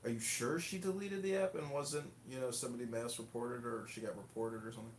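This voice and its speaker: A man's voice: mid-range voice, quick pace. An easygoing man asks questions and invites people up in casual chat as co-host. His voice sounds roomy, with faint noise behind it.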